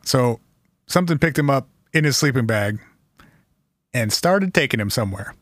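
A man's voice: mid-range voice, expressive, normal speed, dry recording, clean studio sound. A man hosting a podcast, telling a story in casual chat with an easygoing, wry manner. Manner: easygoing, wry, reads quotes aloud.

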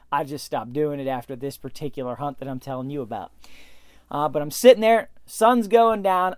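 A man hosting a podcast, telling a story in an animated way that speeds up and slows down. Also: high-pitched, smooth, dry recording, clean studio sound. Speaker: podcast host.

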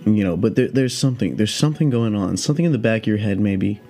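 Rambling, profane young man, high, low-pitched. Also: animated, fast, mellow, faint music behind. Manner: profane, meandering, laid-back. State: high on cannabis. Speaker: podcast host. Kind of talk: rambling casual storytelling.

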